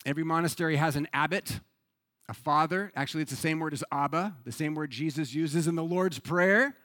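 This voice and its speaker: Male pastor, sermon delivery, animated conversational storyteller, bright voice, dry close sound. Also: fairly high pitch, a little fast, dry recording. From United States.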